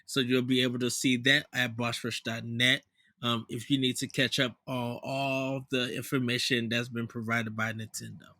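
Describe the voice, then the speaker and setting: A man's voice: medium pitch, flat delivery, moderate pace, sharp tone, no echo, studio quality. A man hosting a casual podcast chat, hesitant and full of restarts as he steers the talk. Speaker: podcast host.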